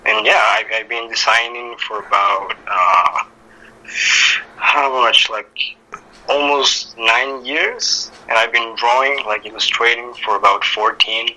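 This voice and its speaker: A man's voice: mid-range voice, slow pace, bright, forceful tone, poor audio. A man in his twenties from Costa Rica, a guest speaking hesitantly and repeating words. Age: 20s. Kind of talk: casual interview chat.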